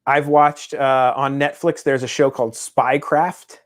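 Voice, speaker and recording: A man's voice: medium pitch, flat delivery, unhurried. A man co-hosting a casual chat show, telling a long rambling story and acting out the people in it. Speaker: podcast co-host.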